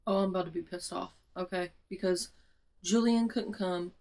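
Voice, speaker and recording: A young woman vlogging casually about a book she is rereading, dramatic and foul-mouthed, with sudden loud outbursts. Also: lowish voice, fairly even intonation, moderate pace, poor audio. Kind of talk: casual reread commentary with read-aloud passages.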